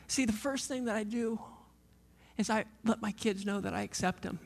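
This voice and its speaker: A man in his thirties preaching a sermon as a pastor, passionate and repetitive, dropping from loud emphasis to hushed near-whispers. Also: very high voice, little pitch movement, moderate pace, creaky.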